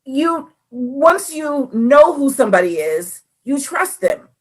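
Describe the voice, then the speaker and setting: A woman with a high-sitting voice speaks slowly as a podcast co-host in a casual faith chat. She talks through her thoughts animatedly and acts out quoted voices.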